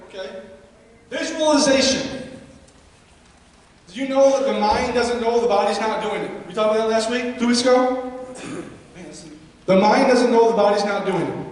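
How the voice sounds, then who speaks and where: A man in his thirties giving a lively motivational talk to young ball players and parents, often asking the audience questions. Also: high voice. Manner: energetic, asks the audience questions. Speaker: guest speaker at a youth baseball seminar. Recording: echoey hall, mic far off.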